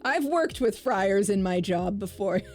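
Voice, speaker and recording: A woman chatting casually as co-host of a stream, relaxed and laughing often, bothered by hiccups. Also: medium pitch, unhurried, soft background music. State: has the hiccups. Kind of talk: casual chat.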